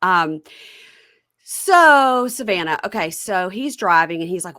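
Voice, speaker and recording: A middle-aged woman hosting a casual podcast chat, retelling a reality show scene by scene and acting out the quotes in a higher voice. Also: lively intonation, unhurried, bright, forceful tone, dry recording, clean studio sound. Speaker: podcast host.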